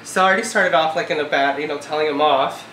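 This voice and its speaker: A woman in her twenties talks through a casual vlog, her words full of "like" and a note of exasperation. Her voice has a bright, sharp edge. The recording has a roomy echo. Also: sits low, fast talker, slight background noise. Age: 20s. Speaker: vlogger. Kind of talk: casual chat. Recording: echoey room.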